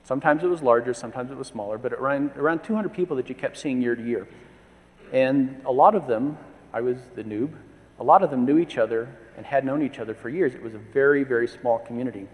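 A man's voice: medium pitch, fast. A man in his fifties giving a conference presentation, telling anecdotes with wry asides. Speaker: conference speaker. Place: conference hall. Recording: long reverb of a large hall.

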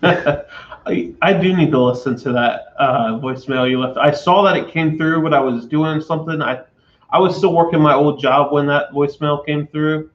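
A man's voice: fairly high pitch, normal speed. A man co-hosting a casual livestream chat, easygoing and laid-back. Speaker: co-host. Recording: roomy, slightly dull audio.

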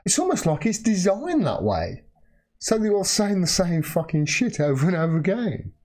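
An outraged man rants to his livestream audience, cursing freely and pressing every point with heat. His voice sits a little high and swings across a very wide range, dropping low in disgust, then shooting up in exasperation. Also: wildly swooping pitch, moderate pace, darkish tone. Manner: angry, profane, heated and emphatic. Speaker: political video commentator. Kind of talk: livestream rant.

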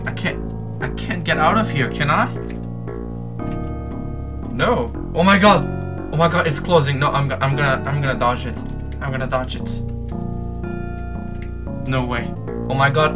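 A man commentating his own horror game play, jumpy and full of exclamations and yells at the scares. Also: mid-range voice, normal speed, long pauses, poor audio. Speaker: gamer playing a horror fan game. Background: game music.

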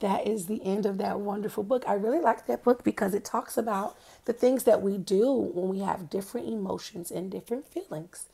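A children's storyteller with a mellow, mid-range voice, a breathy edge, and vocal fry reads a picture book fairly quickly. She's playful with her young audience, turning to them with questions throughout.

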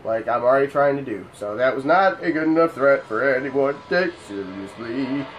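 A man giving casual let's play commentary on a horror game, cursing and yelling out in bursts of excitement. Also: mid-range voice, moderate pace, lo-fi sound, noisy background. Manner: profane, excitable outbursts. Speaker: gameplay commentator.

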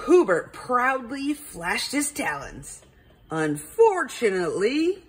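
A woman reading a children's picture book aloud, narrating gently and playfully. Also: medium pitch, big pitch swings, slow pace, slightly rough. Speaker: storyteller.

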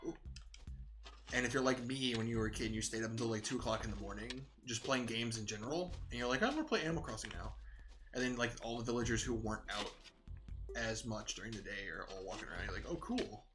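A young man casually talking to himself while playing a video game, rambling and relaxed, now and then yawning, at a home desk mic. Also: fairly low pitch, fast talker. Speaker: gaming video creator. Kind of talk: casual gameplay commentary. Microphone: desk microphone at home. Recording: faint game music behind.

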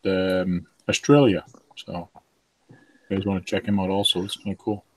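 A man whose first language is French hosts a relaxed live stream and reads viewers' comments aloud. His voice sits on the low side and the sound is dry and close. He often stops mid-sentence on fillers. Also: moderate pace, no room sound, low-quality recording. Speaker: livestream host. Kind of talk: casual live chat.

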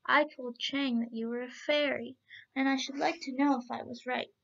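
A woman's voice: high-pitched, steady tone, normal speed, gravelly, fairly bright tone. A woman voicing a timid little slave girl who speaks simply and eagerly. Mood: earnest. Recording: dull lo-fi recording.

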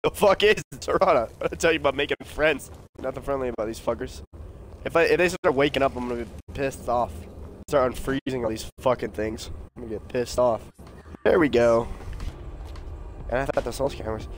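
A gaming streamer with a mid-range voice talks briskly over some faint background noise. He jokes crudely, swears a lot, and chats with his audience while playing casually.

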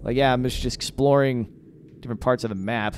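A young man casually commenting over his own gameplay, chatty, swearing and reacting loudly to the fights on screen. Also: medium pitch, steady tone, a little fast, slight background noise. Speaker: gamer doing a let's play. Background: game music and gunfire.

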